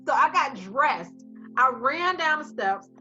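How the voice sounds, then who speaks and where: A woman co-hosting a casual chat, telling a story in an animated way and acting out the voices of the people in it. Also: high-pitched, slow pace, faint music behind. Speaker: co-host. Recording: slightly muffled recording.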